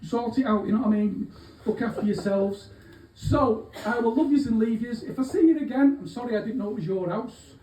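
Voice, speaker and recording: A man's voice: very high-pitched, a little fast, dark tone, slight background noise. A man playing a cheeky, rambling, aging small-time thief from Manchester, in a live stand-up character act. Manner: rambling, cheeky, swearing, lots of asides. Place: pub gig venue. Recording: echoey room, distant mic, faint hubbub.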